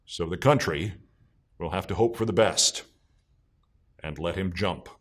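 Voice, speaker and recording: Low-voiced man giving scornful commentary. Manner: emphatic and scornful, with dramatic slow stresses. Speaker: political commentator. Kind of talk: scripted political commentary.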